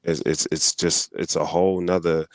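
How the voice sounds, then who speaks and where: A man's voice: deep voice, flat delivery, normal speed, no room sound. A man from New York, a guest in a casual interview, explaining things in an easygoing way. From New York, United States.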